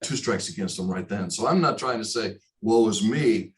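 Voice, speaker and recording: A man being interviewed about his broadcasting career. He talks in short, reflective phrases and his pitch jumps up sharply when he stresses a point. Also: moderate pace, poor audio. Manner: animated, rises sharply in pitch for emphasis. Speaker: guest, broadcaster. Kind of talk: storytelling in a casual interview.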